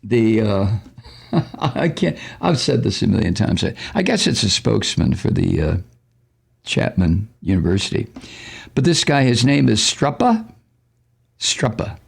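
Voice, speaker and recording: Talk radio host, male, mocking and foul-mouthed, creaky voice, very animated pitch. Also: unhurried, long pauses. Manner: sarcastic, mocking, profane; frequent laughs and exclamations. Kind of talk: political talk radio commentary.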